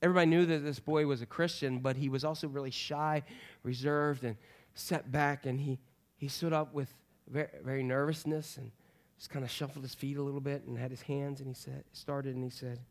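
A middle-aged man preaching a sermon as pastor, animated, swinging from loud calls to hushed, soft passages. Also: medium pitch, a little fast.

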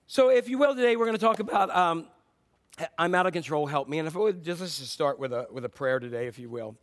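A man's voice: a little high, animated, fast. A man preaching a sermon as pastor, telling a story in a conversational way with fillers and restarts.

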